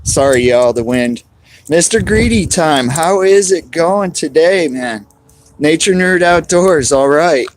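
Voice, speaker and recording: A man's voice: on the high side, lively intonation, slow. A man, live-streaming outdoors on a cold, windy day, rambling and greeting chat viewers by name.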